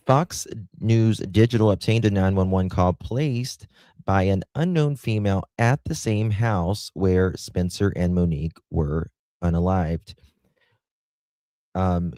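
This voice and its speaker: A man with a low, mellow voice reads a crime news story aloud, stumbling and restarting often and spelling out certain words letter by letter. His delivery is halting and full of fillers as he adds his own remarks. The recording is dry and close, with no room sound. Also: no room sound. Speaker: true crime show host. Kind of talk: reading news aloud with commentary.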